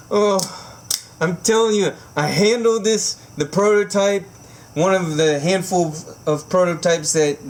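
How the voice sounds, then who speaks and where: A man unboxing a knife for his vlog, gushing and giggling, so excited he says it makes him emotional. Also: a little high, a little hiss or hum. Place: indoors at home by candlelight.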